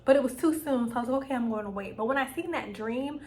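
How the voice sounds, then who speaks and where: A young woman vlogger, telling a personal story to camera in a casual, animated way and acting out her own quoted lines. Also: a little high, fast talker, a little hiss or hum.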